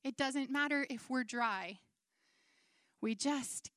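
Woman giving a sermon, earnest and chatty, high voice, dry close sound. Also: takes it slowly, a bit bright, dry recording. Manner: earnest, conversational, with dramatized quotes. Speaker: preacher.

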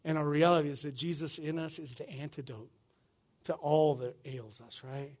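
A man's voice: fairly high pitch, fairly even intonation, normal speed, darkish tone. A male pastor, preaching a sermon in a conversational way, often asking "right?" and calling the room "y'all".

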